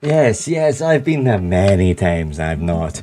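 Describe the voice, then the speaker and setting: A man's voice: sits low, sing-song, slow, heavy background noise, exaggerated voice. A man voicing a chatty, very old male paladin who rambles and chuckles in a tabletop game. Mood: jovial.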